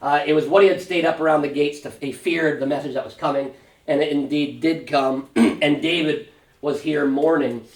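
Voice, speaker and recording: A man's voice: on the high side, fairly even intonation, normal speed. A man pastor leading a Sunday school Bible study, explaining the passage in a conversational way with fillers and asides. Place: church classroom. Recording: echoey room, mic at a distance.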